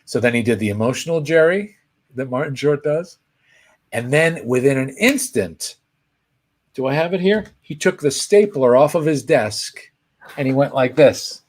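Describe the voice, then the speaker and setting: Man co-hosting a live Q&A, casual anecdote teller who acts out the voices, mid pitch. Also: moderate pace. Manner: animated storyteller, acts out quoted voices. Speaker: co-host answering viewer questions. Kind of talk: casual live Q&A chat, storytelling.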